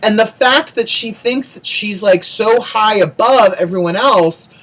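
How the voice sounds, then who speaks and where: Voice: medium pitch, measured pace, fairly bright tone. Chatty vlogger gushing and ranting. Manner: gushing and ranting, peppered with "like", repeats words in runs. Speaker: drag show recap vlogger. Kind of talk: casual chatty recap monologue.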